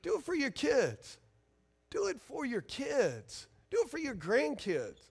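A man's voice: extremely high pitch, wildly swooping pitch, a little slow, creaky. A man preaching a sermon as pastor, emphatic and fiery, firing rhetorical questions at his congregation.

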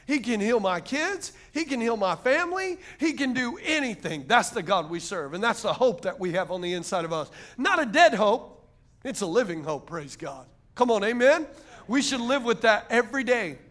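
A middle-aged man preaching a sermon as pastor, energetic and fervent, often dropping to a hushed aside. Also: high voice.

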